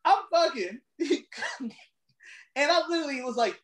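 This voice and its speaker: A man's voice: extremely high pitch, normal speed, echoey room. A young man co-hosting a podcast, telling stories in casual, profane chat with bursts of laughter. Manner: animated, profane, laughing storyteller. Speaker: podcast co-host.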